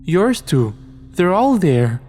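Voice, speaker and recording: A man's voice: high voice, sing-song, slow pace, darkish tone, faint music behind, pitched above the performer's own voice, exaggerated voice. A man voicing a stubborn, unsettling little girl in a sing-song, gleeful way, within a horror story reading. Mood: eerie glee.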